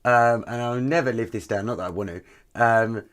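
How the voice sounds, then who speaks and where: A man, a podcast guest and activist, telling stories in an animated, chatty way with frequent ums. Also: mid-range voice, moderate pace. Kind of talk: conversational podcast interview.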